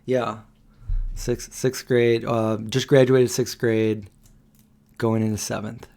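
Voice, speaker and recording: A man in his forties hosts a relaxed live Q&A stream and tells a story in a loose, chatty way. He rambles, restarts his sentences and fills the gaps with ums and likes. His voice sits at an ordinary pitch for a man. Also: slow. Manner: rambling, with many fillers and restarts. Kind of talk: casual storytelling.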